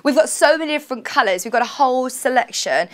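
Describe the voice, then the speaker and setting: A young British woman presenting on a live shopping channel, bubbly and chatty, with quick asides and self-corrections. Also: sits high, expressive. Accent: British English. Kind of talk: live TV selling chat. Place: TV studio.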